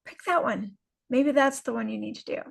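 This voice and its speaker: A woman coaching listeners through setting goals, unhurried and encouraging, acting out quotes with lively emphasis. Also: on the high side, vocal fry. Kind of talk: motivational goal-setting lesson.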